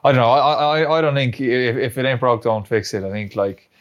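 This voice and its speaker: A man's voice: mid-range voice, steady tone, fairly quick, lo-fi sound. A man, a guest athlete answering hesitantly with lots of fillers. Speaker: guest rugby player. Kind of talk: interview answers.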